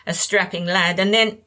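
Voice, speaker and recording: A woman voicing a frail, evasive older woman in an audiobook, with a nasal voice and a halting, drifting way of talking, as if to herself. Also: medium pitch, fairly even intonation, pushed and bright. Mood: bitter. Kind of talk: audiobook character reading.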